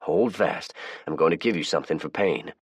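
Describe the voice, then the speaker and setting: A man voicing a calm, fatherly male army medic who speaks steadily and reassuringly, in an audiobook. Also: a bass voice, fairly quick, breathy edge, no echo.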